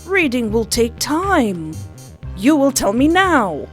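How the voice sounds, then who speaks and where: A woman's voice: on the high side, animated, moderate pace, soft background music, lightly acted. A woman voicing an eccentric young crew recruit on a spaceship, with stilted, oddly worded, demanding speech. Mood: blunt.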